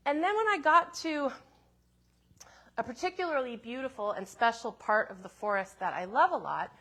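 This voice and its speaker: A woman minister telling a personal story in a sermon, in a gentle, reflective way with soft asides. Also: on the high side, lively intonation, normal speed.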